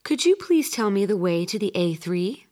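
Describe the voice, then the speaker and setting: A woman's voice: mid-range voice, very animated, moderate pace, a little mellow, lightly acted. A woman reading the lines of an impatient wife defending her driving.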